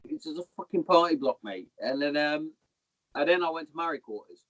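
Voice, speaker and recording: A man's voice: a little high, animated, a little fast, a bit bright, dry recording. A man, a podcast guest rambling through army anecdotes in casual chat, swearing a lot and calling the listener "mate". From Hereford, England. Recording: dull lo-fi podcast audio.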